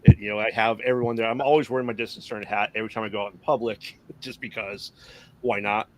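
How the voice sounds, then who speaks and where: Enthusiastic low-voiced podcast host. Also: male voice, fairly even intonation, fast, slight background noise, poor audio. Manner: enthusiastic and supportive. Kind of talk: casual podcast chat.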